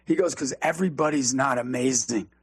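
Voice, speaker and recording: A man guest telling an energetic, preachy story and acting out the dialogue in it. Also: medium pitch, a little fast, slightly rough, dry recording. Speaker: youth speaker and guest. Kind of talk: storytelling in a faith talk interview.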